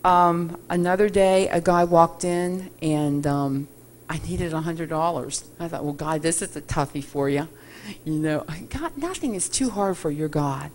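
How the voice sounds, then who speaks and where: A middle-aged woman telling a faith testimony to a congregation, an animated storyteller who acts out the dialogue. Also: low voice, unhurried, slight background noise. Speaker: ministry worker giving testimony.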